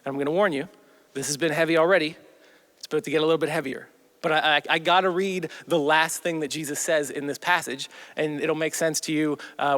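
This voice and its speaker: A man preaching a sermon in a conversational way, with quick asides, restarts, and key lines slowed down and dropped almost to a whisper. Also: on the high side, fairly bright tone. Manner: slows and drops to near whisper on key lines. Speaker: pastor.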